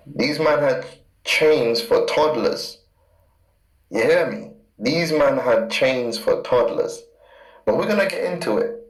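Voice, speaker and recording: A man preaching fiercely from scripture, hammering points with repetition and reading verses slowly. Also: medium pitch. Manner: emphatic, repeats key words, reads verses slowly. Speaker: street preacher. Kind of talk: fiery scripture teaching. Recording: roomy echo.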